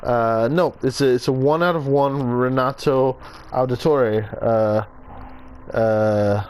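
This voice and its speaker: A man's voice: medium pitch, slow, a little mellow, clear, resonant tone, poor audio. Wry man reading game entries. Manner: wry, self-correcting. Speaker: gameplay video host. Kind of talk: reading game text aloud with jokey asides.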